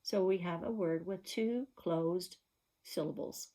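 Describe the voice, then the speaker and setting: A woman's voice: lowish voice, takes it slowly, warm tone, slight background noise. A woman teacher giving a reading lesson to young children, patiently asking questions to prompt the class.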